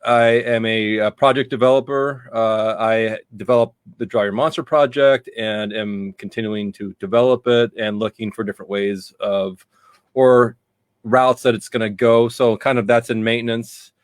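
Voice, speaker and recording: A male guest on an online talk show, relaxed and self-deprecating, often stumbling over his words. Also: lowish voice, normal speed, no echo, clean studio sound. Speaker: guest, mental health advocate. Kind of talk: casual interview talk.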